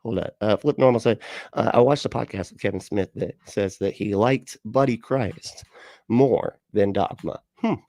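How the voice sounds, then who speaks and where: A lowish male voice, close and dry with no room sound, reacting to videos on a livestream. He is sarcastic and swears freely, laughing at what he watches and chatting with his viewers. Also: moderate pace, mellow, dry recording. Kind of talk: casual livestream reaction and chat.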